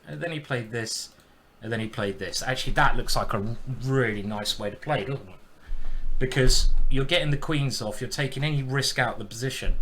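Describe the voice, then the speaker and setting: A man's voice: medium pitch, pushed and bright, a little hiss or hum. A man giving casual live-stream commentary while playing chess, chatty and thinking aloud.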